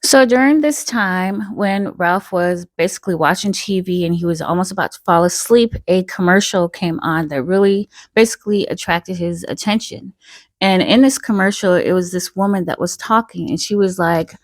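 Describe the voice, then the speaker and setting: A woman's voice: lowish voice, a little fast, dry recording. A woman hosting her channel, telling a story in a chatty, loose way full of fillers. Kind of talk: casual spoken storytelling.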